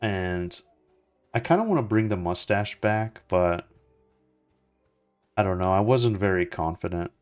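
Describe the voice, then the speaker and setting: A young man talks his way through a game in a relaxed, rambling way, full of fillers and restarts. His voice sits low. Faint music plays behind him. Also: unhurried, pauses often, clean tone. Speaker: gaming streamer. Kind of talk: casual gameplay commentary.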